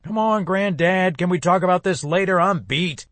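A man's voice: high-pitched, moderate pace, fairly bright tone, no room sound, voice pushed up. A man voicing a weary, evasive young man dodging questions. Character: worn-out young man, sullen and evasive grandson.

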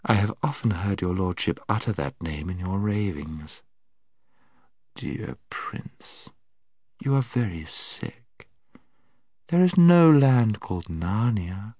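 A man voicing a sweet-voiced enchantress queen, speaking softly in a quiet, soothing, half-mocking tone. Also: sits low, sing-song, unhurried, no echo, clean studio sound. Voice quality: soft, quiet and coaxing.

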